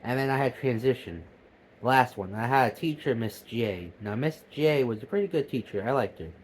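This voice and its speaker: A man's voice: medium pitch, lively intonation, normal speed, a little hiss or hum, rough recording. Rambling, profane young man telling stories. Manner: rambling, profane, stammering restarts. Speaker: vlogger. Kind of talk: casual storytelling. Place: at home.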